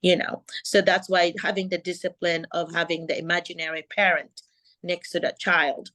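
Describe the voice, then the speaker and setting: A middle-aged woman hosts a video call and gives calm, encouraging advice to teachers. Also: lowish voice, moderate pace. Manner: calm, encouraging, acts out classroom talk. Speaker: host and teacher coach.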